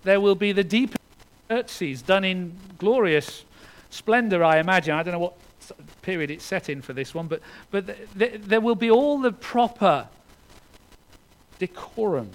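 Male preacher, high-pitched, earnest sermon delivery with loud peaks and quiet drops, stumbling restarts. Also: animated, moderate pace, low-quality recording. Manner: earnest, swinging between loud emphasis and hushed lines, with restarts.

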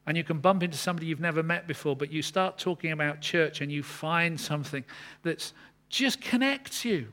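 A man preaching a sermon, earnest, building to emphatic peaks and then dropping low. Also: brisk, fairly bright tone.

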